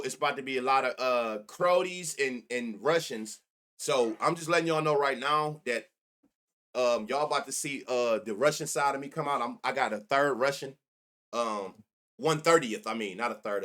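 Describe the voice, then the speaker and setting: A man's voice: medium pitch, fairly bright tone. Male stream host, loose and profane, rambling banter with chat. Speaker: sports betting show host. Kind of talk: casual live-stream chat.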